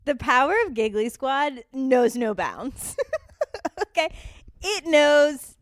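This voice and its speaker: A young woman co-hosting a podcast, chatting casually with giggly, quick reactions. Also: high-pitched, expressive, dry recording, studio quality. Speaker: podcast co-host. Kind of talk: casual chat.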